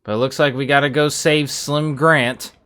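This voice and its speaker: A man's voice: medium pitch, steady tone, normal speed, a bit bright, slight background noise. A man giving casual, chatty commentary over a video game playthrough, offhand and wry. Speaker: gameplay commentator.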